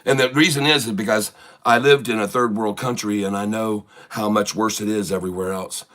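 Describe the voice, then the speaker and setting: A man's voice: fairly low pitch, steady tone, brisk, a bit bright. A man from Michigan hosting a casual stock-trading livestream, joking, rambling and laughing often.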